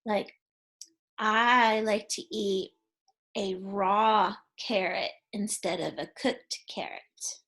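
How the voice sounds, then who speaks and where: A woman's voice: mid-range voice, fairly even intonation, takes it slowly, a bit bright. A woman teacher giving a phonics lesson to young children. She is patient and encouraging and has them repeat sounds back to her.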